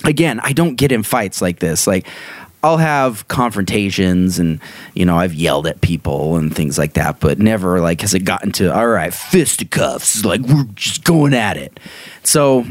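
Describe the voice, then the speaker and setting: Male co-host, animated yarn-spinner with a lively voice, dry close mic. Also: low-pitched, moderate pace, no room sound. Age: adult, married. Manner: animated, laughs often, acts out quoted voices. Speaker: podcast co-host telling stories. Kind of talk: casual storytelling chat.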